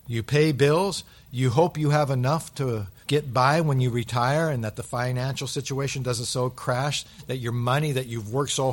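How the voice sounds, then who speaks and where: A pastor preaching a sermon to his church, swinging from loud emphatic bursts to hushed asides. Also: mid-range voice.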